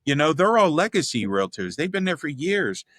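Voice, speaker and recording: A man's voice: fairly high pitch, normal speed, no echo. A man from the Philadelphia area, an artist and developer, telling stories candidly and acting out the voices of the people in them. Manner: animated storyteller who acts out quoted voices; candid, uses mild profanity. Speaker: guest, artist and real estate developer. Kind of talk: storytelling in a conversation.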